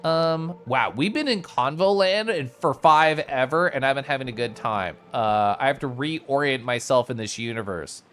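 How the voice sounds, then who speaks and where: A man's voice: mid-range voice, moderate pace, hardly any pauses, a bit bright, slight background noise. A young man chatting casually while streaming a game, rambling and full of asides. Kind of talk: casual gameplay commentary.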